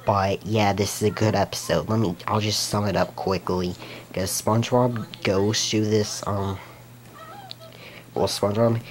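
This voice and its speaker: A man's voice: on the low side, fairly even intonation, measured pace, low-quality recording. A man on his own video channel, recapping cartoon episodes in a rambling, unscripted way, restarting sentences and giggling. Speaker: YouTube episode reviewer.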